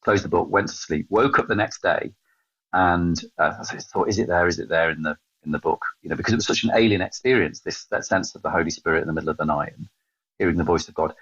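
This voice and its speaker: English man, 50s, guest storyteller. Very low husky voice, rapid delivery, dry close sound. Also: no room sound. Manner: animated storyteller, quick and self-mocking. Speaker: podcast guest, evangelist. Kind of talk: storytelling in a casual interview. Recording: dull, slightly lo-fi sound.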